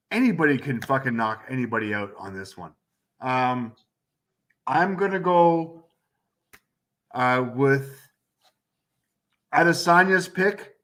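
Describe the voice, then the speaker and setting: A man's voice: fairly high pitch, fairly bright tone. A man co-hosting a casual podcast, talking bluntly and swearing a lot. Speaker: co-host.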